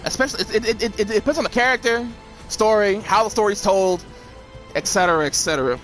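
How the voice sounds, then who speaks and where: A video creator rants casually about a story he watched, his voice sitting high and moving at a quick pace over soft background music. He swears often and laughs between lines, coming across as profane and animated.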